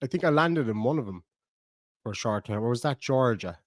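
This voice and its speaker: This livestream host, a middle-aged Irishman, chats casually and cracks jokes while working through comments from viewers. He has a medium-pitched, expressive voice and a brisk delivery, captured in a dry, studio-quality recording.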